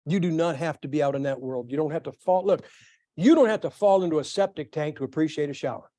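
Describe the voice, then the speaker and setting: A middle-aged male pastor preaching a sermon, telling folksy stories with lively asides to his congregation. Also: on the high side, quick pace, no room sound, studio quality. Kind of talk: sermon with storytelling.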